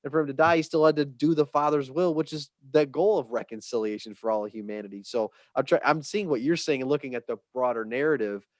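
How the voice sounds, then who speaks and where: A man hosting a podcast, talking in an earnest, rambling way that turns animated. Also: mid-range voice, fast, few pauses, no room sound. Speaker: podcast host. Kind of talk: casual conversation.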